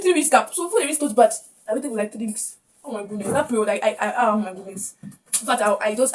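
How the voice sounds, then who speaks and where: A young woman with a Nigerian accent telling a personal story to camera, emotional and often repeating her words. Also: a little high. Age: young adult. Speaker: vlogger. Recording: distant mic with faint background noise.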